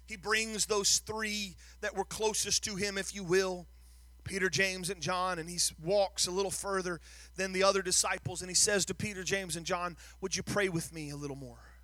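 A man's voice: sits high, steady tone, normal speed, bright, forceful tone, no room sound. A man preaching a sermon, telling the story with drama and rising to a sing-song, emphatic delivery, often repeating words as he builds. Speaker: pastor.

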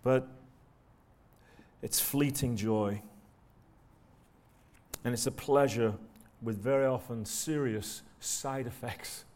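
Conversational preacher with tag questions. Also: male voice, medium pitch, steady tone, takes it slowly, pauses often, darkish tone. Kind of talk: sermon. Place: church.

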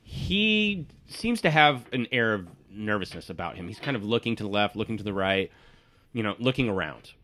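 A man narrating a tabletop game as game master, relaxed and descriptive with small hesitations. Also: on the low side, moderate pace.

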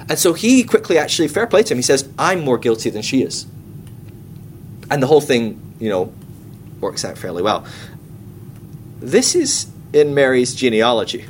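Casual male Bible study teacher, mid pitch, irreverent comic asides, faint rumbling background noise. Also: big pitch swings, moderate pace, pauses often. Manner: chatty and irreverent, with comic asides and acted-out quotes.

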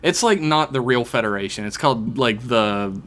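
A man's voice: mid-range voice, moderate pace, fairly bright tone. A man co-hosting a podcast in casual chat, reading listener emails and rambling with frequent swearing. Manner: rambling, swears freely, puts on voices when reading.

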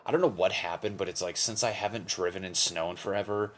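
Young male comedian hosting a solo podcast, deep-voiced, loose and profane, laughs at himself, faint hiss behind. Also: fairly even intonation, fast, a bit bright. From Connecticut. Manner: rambling, profane, self-deprecating. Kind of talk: casual solo podcast monologue.

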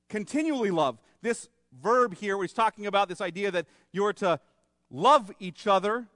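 High-voiced emphatic male preacher in a hall. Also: fairly bright tone, clean studio sound. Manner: emphatic preaching, rhetorical questions, acts out little scenes. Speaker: pastor. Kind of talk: sermon. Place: church sanctuary.

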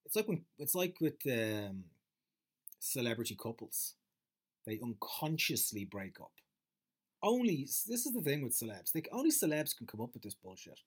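A man riffing through a comedic monologue, swearing freely and wandering off on tangents. His voice sits at an ordinary middle pitch. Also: sing-song, normal speed. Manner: profane, rambling storyteller.

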